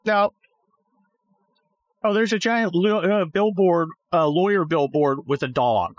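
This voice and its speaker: A man's voice: high-pitched, takes it slowly, muffled recording. A man hosting a podcast from his car, ranting sarcastically and swearing at traffic. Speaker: podcast host. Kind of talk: casual ranting chat while driving.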